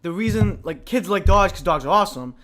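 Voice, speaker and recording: A man's voice: sits high, lively intonation, a little fast, fairly bright tone. A young man co-hosting a casual podcast, rambling through stories with many fillers and frequent laughs. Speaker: podcast co-host. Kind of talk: casual chat.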